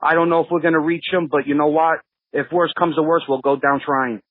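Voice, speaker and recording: A man raised in Brooklyn, with a New York accent, tells casual stories as a regular on a podcast, wandering off with frequent restarts and filler words. His fairly high voice holds a level tone and runs a little fast, on phone-line audio without room sound.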